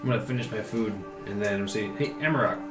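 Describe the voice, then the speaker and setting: A man's voice: lowish voice, flat delivery, fast talker. A man playing a tabletop game, talking casually with light swearing. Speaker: player. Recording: roomy sound with background music.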